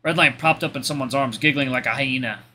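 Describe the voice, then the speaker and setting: A man reading a visual novel aloud in expressive first-person narration, stumbling now and then. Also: medium pitch, fast talker, a little hiss or hum. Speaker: let's play host.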